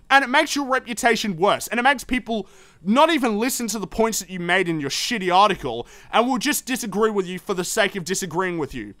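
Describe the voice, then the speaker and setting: Young guy ranting about games, high sharp voice, swears a lot, dry close sound. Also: no echo. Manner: heated, profane, exasperated. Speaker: gaming news show host. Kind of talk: opinionated commentary rant.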